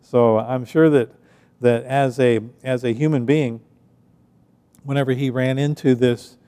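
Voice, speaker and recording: A man preaching a sermon in a relaxed, conversational way, often restarting his phrases. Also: mid-range voice, clean tone, long reverb tail. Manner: conversational, halting with frequent restarts. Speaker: pastor. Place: church.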